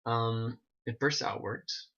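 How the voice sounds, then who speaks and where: A man recording a casual storytelling vlog at home, rambling and animated, with many restarts and asides. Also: medium pitch, slow, lo-fi sound, background noise. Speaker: vlogger.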